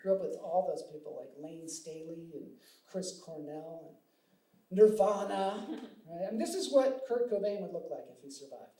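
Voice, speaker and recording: A man's voice: fairly high pitch, lively intonation, normal speed, dark tone. A middle-aged man from Seattle doing a stand-up comedy set, wry and self-deprecating, acting out bits of dialogue. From Seattle, USA. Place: live comedy stage with audience. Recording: echoey room, distant mic, audience noise.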